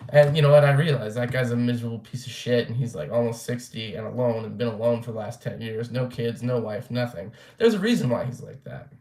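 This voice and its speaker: A man's voice: medium pitch, brisk, hardly any pauses, darkish tone, reverberant. A young man ranting casually on his vlog, blunt and rambling, swearing freely and full of fillers. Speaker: vlogger. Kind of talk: casual rant to camera.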